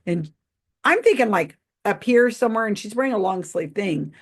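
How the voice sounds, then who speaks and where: A woman hosts a livestream commentary show, reading out viewer comments with casual skepticism and frequent laughter. Her medium-pitched voice is animated and breathy-edged, at a normal speed.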